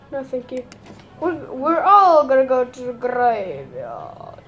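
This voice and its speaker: A woman's voice: sits high, wildly swooping pitch, slow, a bit bright, a little hiss or hum. A woman using a put-on Irish accent, giving rambling, hesitant gameplay commentary full of fillers. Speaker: gamer.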